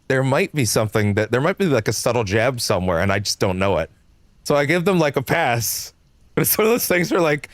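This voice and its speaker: A man's voice: medium pitch, no echo. A man streaming a game live, rambling in casual commentary, full of fillers, swearing and frequent laughter.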